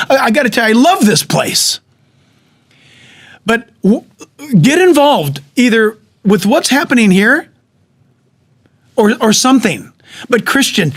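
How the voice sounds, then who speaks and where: Emphatic high-voiced preacher man. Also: measured pace. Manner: emphatic, animated, with frequent restarts and stammers. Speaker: pastor. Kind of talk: sermon-style exhortation.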